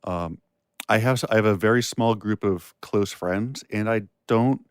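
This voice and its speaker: Low smooth-voiced man musing on a podcast. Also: moderate pace, dry recording. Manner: reflective, wordy with restarts. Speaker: podcast co-host and producer. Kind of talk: casual podcast chat.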